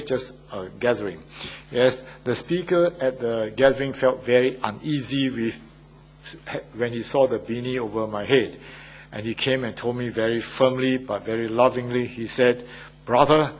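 A man's voice: mid-range voice, vocal fry, breathy edge. An older man, a church elder, preaching an earnest sermon and asking his listeners questions. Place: Australia.

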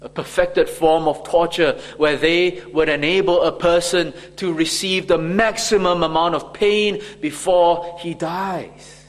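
A man preaching a sermon slowly and emphatically, acting out the mockers in quoted voices. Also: fairly high pitch, fairly even intonation, in a large hall.

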